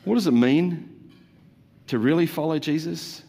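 A man's voice: on the high side, unhurried, vocal fry, mellow, slightly rough. Jokey male pastor in a reverberant hall. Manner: jokey, conversational, playful asides to the congregation. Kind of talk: sermon. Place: church auditorium.

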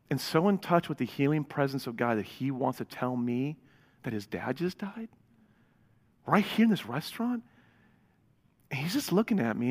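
Male pastor, fairly high voice, storytelling sermon, hushed to excited, long hall reverb. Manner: storytelling, addresses congregation directly; swings from hushed to loud and excited.

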